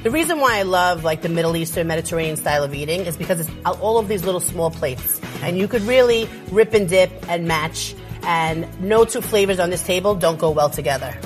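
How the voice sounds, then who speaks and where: A woman cook with a slightly low voice walks through a recipe step by step, friendly and relaxed. Music sits clearly behind her in the kitchen. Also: a little fast. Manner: friendly, instructive, relaxed explaining. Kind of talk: casual cooking demonstration.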